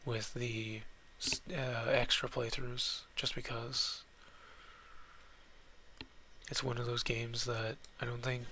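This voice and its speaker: A man's voice: medium pitch, flat delivery, slow pace, pauses often, pushed and bright, slight background noise. A young man giving casual let's-play commentary at a desk mic, rambling and muttering asides as he plays. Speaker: gaming YouTuber.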